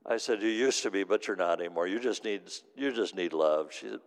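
A middle-aged man preaching a sermon as pastor, telling stories and swinging from hushed to loud. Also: lowish voice, expressive, brisk, few pauses. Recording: long hall reverb.

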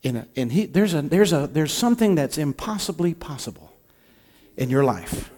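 A man preaching a sermon as pastor, impassioned, moving between hushed and loud delivery. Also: fairly high pitch, animated, moderate pace.

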